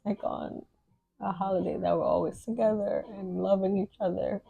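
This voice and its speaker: A woman's voice: mid-range voice, steady tone, normal speed, gravelly, mellow, breathy edge, dry recording, muffled recording. A young adult woman co-hosting a podcast, sharing candid, emotional, faith-filled stories in casual chat. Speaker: podcast co-host.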